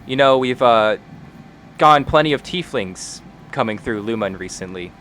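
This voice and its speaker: A man's voice: medium pitch, lively intonation, normal speed, a bit bright, slight background noise, natural voice. A man voicing a guarded farm woman.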